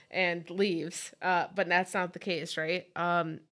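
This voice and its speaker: A woman with a slightly low voice discusses war films on a podcast. She talks in a loose, chatty way, full of fillers and wry asides. Her delivery is conversational and unhurried. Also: little pitch movement, fairly bright tone. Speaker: podcast co-host. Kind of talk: casual movie discussion.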